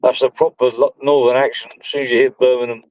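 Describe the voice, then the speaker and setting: A man's voice: mid-range voice, little pitch movement, fast, a little mellow, no room sound, low-quality recording. A man from London telling rambling, profane stories in a casual group chat.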